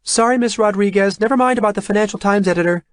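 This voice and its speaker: A man's voice: high-pitched, lively intonation, fast talker, no echo, pitched above the performer's own voice. A man reading an audiobook, voicing a young female office assistant who calls out urgent news. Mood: hurried.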